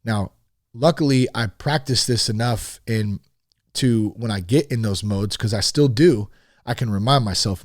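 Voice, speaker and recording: A man in his thirties hosting a podcast, talking frankly in a casual, animated monologue. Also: lowish voice, unhurried, dry recording, studio quality. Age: 30s. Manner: animated and frank, with swearing and rising emphasis. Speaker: podcast host.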